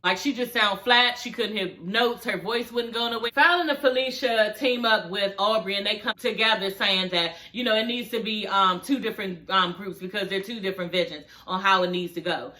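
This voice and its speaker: A woman's voice: mid-range voice, normal speed, hardly any pauses, sharp tone. A woman giving a blunt, sassy, casual reaction review of a TV show, swearing freely. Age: adult with a daughter.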